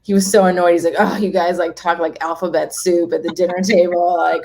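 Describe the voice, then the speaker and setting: A woman's voice: fairly low pitch, level tone, fairly quick, few pauses, warm tone. A woman guest chatting in an interview, talking freely, laughing often and acting out what people said. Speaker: home organizing guest. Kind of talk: casual interview chat.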